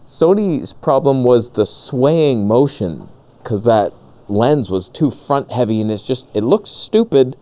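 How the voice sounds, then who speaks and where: A man ranting sarcastically in a comedic vlog, outdoors on a lavalier mic, jumping between high mocking voices and low grumbles. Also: expressive, slow pace, mellow. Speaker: camera vlogger.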